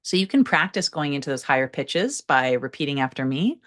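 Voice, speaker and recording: A woman with a low-pitched voice teaches public speaking, talking straight to her viewers. Her delivery swings widely in pitch, leaning hard on the key words of each sentence. She sounds like a coach walking a learner through a lesson. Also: very animated, brisk, hardly any pauses, fairly bright tone. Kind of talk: instructional talk to camera.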